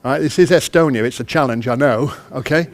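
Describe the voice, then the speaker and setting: A British man gives an interactive talk to a conference hall, speaking fast in a medium-pitched voice. He comes across as chatty and self-deprecating, and he keeps quizzing his listeners.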